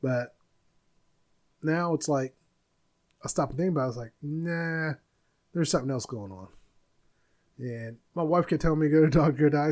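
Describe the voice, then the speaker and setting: A man's voice: fairly high pitch, a little mellow. Blunt, aggrieved man in his forties. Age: 40s. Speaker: podcast host. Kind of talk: casual monologue.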